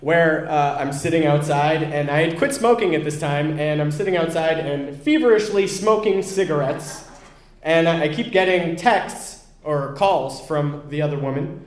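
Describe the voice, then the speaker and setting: A man's voice: fairly high pitch, moderate pace, roomy sound. A young man candidly telling a self-deprecating personal story, acting out what people said.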